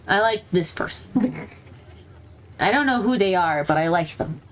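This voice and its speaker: A woman's voice: mid-range voice, lively intonation, a little slow, pauses often. A woman streaming a visual novel, giggling and joking as she reads choices aloud in a casual, playful way. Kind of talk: casual let's-play commentary.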